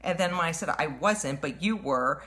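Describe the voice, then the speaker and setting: Lowish-voiced woman ranting through a story, lots of um and you know, sharp-tongued. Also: normal speed. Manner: rambling, animated retelling with many fillers and restarts; says she has a wicked tongue. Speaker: vlogger. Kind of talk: casual storytelling.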